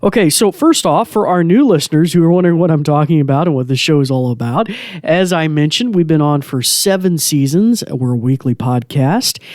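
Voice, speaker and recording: A man's voice: on the high side, animated, a little fast, a little mellow, no echo, clean studio sound. A man hosting a podcast in a casual, chatty way, with many fillers. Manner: chatty, with frequent fillers and laughs. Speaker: podcast host and assistive technology instructor.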